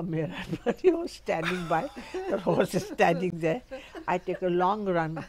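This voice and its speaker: Recalling her life at home, an elderly woman spins humorous tales in a fairly low voice, breaking into laughter again and again. The telling stays animated throughout, with a faint hiss or hum underneath.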